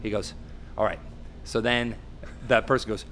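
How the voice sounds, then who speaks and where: Male guest musician, animated storyteller who voices the people he quotes, faint hiss. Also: on the low side, brisk. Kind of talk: casual storytelling interview.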